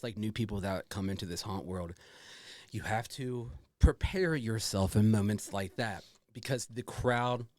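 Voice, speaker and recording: A man's voice: on the low side, darkish tone. A man hosting a casual podcast, joking and swearing as he laughs with his guests. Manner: laughing, profane, jokey. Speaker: podcast host.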